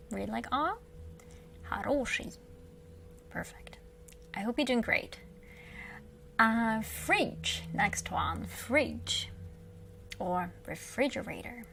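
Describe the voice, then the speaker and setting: A woman with a Russian accent, teaching Russian to beginners, who patiently repeats each word slowly several times. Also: fairly high pitch, gravelly, a bit bright, a little hiss or hum. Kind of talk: slow beginner language lesson.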